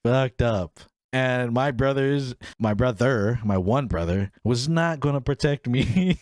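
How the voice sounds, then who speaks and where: Young man telling a lively story. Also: mid-range voice, a little slow, hardly any pauses, clear, resonant tone, no room sound, studio quality. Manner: animated, acts out family members in raised voices. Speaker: podcast host. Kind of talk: casual storytelling.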